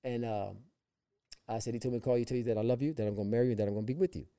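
Guy telling his testimony on a talk show, mellow low-ish tone, gets worked up, repeats himself a lot. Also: very fast, smooth. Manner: lively, repeats words, acts out quoted voices. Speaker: guest sharing his testimony. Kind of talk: animated personal storytelling.

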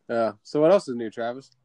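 A man's voice: mid-range voice, no echo. Teasing man hosting a podcast. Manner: teasing, joking banter. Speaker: podcast host. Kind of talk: casual chat.

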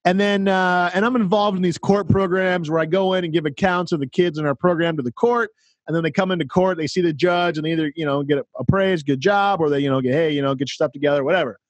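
Guy on a podcast, pretty high voice, dry close sound, gets all worked up telling his story and doing the other people's lines. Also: fast talker, no echo. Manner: excited, animated storyteller acting out dialogue. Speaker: podcast co-host, counselor. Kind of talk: casual chat, storytelling.

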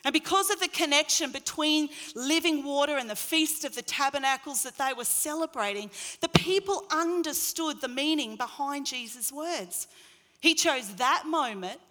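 A woman delivers a sermon with a high, bright voice. She swings from quiet, low passages to loud, ringing calls, and her words trail off into the long reverb of a large hall. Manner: expressive, rising to loud acted crowd cries. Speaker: preacher.

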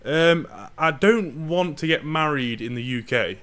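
Bright-voiced young man, teasing. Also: animated, unhurried. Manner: giggly, teasing, bursts into high laughter. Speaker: podcast co-host. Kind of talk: casual chat.

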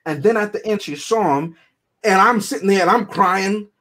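Animated man joking on a podcast. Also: sits high, normal speed. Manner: animated, joking, exaggerated outbursts. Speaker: podcast co-host. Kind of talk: casual chat.

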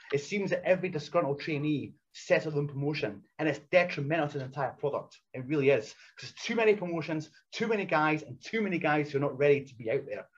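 A man, a former wrestler, casually telling profane, animated stories from his past. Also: on the high side, breathy edge. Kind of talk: casual storytelling. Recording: dull lo-fi sound with faint noise.

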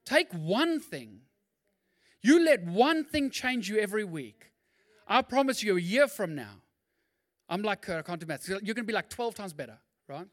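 High-voiced man preaching. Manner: animated, conversational preaching with quick asides and acted-out quotes. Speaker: pastor. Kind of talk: sermon.

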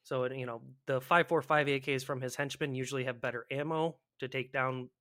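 A man casually chatting about a video game with a co-host, animated and profane, often acting out panicked players. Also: mid-range voice, a little fast, no echo, clean studio sound. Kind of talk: casual gaming chat.

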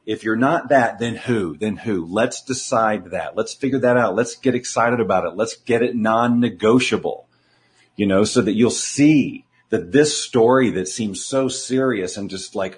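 A man's voice: medium pitch, moderate pace. A man speaking as a guest in an interview, coaching earnestly with emphatic rhetorical questions. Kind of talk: conversational coaching talk.

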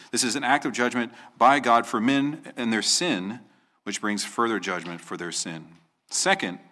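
A man's voice: medium pitch, bright, forceful tone. A man preaching an earnest sermon as a pastor, rising to emphatic questions and acting out quoted voices as he tells the story.

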